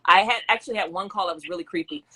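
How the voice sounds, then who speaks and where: A woman's voice: lowish voice, racing, sharp tone, breathy edge. A woman from Mississippi, co-hosting a casual live-stream talk show from her home, chatty and laughing often as she reads out viewer comments. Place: home in the country.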